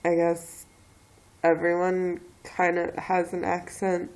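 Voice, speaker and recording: Low, slow southeastern Pennsylvania woman with a cold. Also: monotone, darkish tone, rough recording. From Philadelphia area, Pennsylvania. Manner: hesitant, halting, with many fillers. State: has a cold, a bit stuffy. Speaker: vlogger. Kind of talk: casual accent-tag video.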